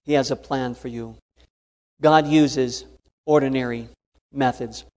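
Earnest preacher in a reverberant hall. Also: male voice, mid-range voice, fairly even intonation, measured pace, darkish tone. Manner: earnest, repetitive emphasis. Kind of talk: sermon.

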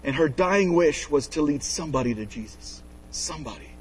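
A man preaching a sermon as a pastor, emphatic, swinging from loud high pleas to low hushed asides. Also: expressive, fairly quick, distant mic, slight background noise, rough recording. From Canada.

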